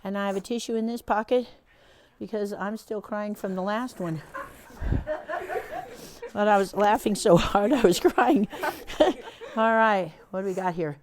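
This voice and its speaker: A woman's voice: mid-range voice, a little slow, long pauses, background noise. A woman trainer leading a staff training session, talking in a casual, encouraging way with frequent fillers. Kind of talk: instructional talk to a staff team.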